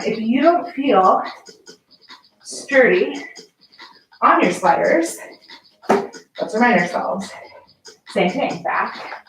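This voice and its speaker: A woman's voice: medium pitch, slight background noise. Breathless woman counting barre reps. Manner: counts reps aloud with short encouraging cues. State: out of breath from exercising. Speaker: barre fitness instructor. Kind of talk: guided workout class cueing. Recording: echoey room, distant mic, faint background music.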